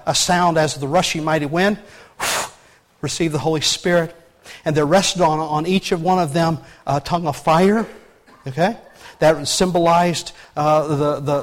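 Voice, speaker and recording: A man preaching a sermon as pastor, animated and emphatic, with frequent restarts and loud peaks. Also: on the high side.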